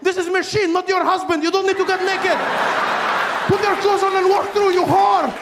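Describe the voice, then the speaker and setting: A comedian putting on a frantic male airport guard who scolds in shouts. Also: extremely high pitch, fairly even intonation, a little fast, vocal fry, a loud crowd, heavy background noise, voice pushed up. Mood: scandalized.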